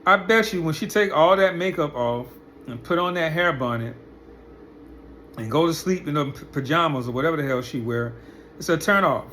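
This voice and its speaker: A man's voice: on the high side, expressive, moderate pace, fairly bright tone, a little hiss or hum. Blunt, profane man ranting to camera. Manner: blunt, profane, repeats rhetorical questions. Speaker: commentary channel host. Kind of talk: reaction commentary monologue.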